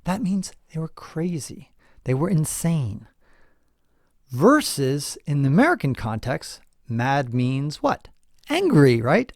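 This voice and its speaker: Speaking slowly in a gravelly, fairly high voice with big swings in pitch, this middle-aged man hosts a podcast. He makes his points casually yet emphatically, asks listeners questions and chuckles occasionally, in a dry studio-quality recording.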